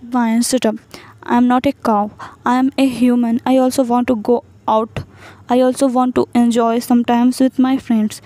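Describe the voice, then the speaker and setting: A woman's voice: fairly high pitch, level tone, unhurried, dark tone, no room sound, close to an everyday voice. A woman voicing a stubborn, fed-up young wife in a fan fiction story, talking bluntly.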